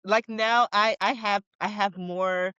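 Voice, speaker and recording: A young woman, a photographer and new mother, talking casually as a podcast guest, animated and often laughing. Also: medium pitch, takes it slowly, smooth, no echo. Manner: animated, laughs often, acts out her own thoughts. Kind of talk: casual conversational interview. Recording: slightly dull, lo-fi sound.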